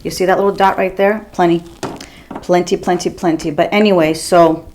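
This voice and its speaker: This woman in her fifties from the US East Coast has a voice on the low side, slightly mellow, steady in tone and at normal speed, with a little hiss or hum in the recording. She's a beauty vlogger doing her makeup at home, chatting bluntly through a casual tutorial and tossing in the odd swear word.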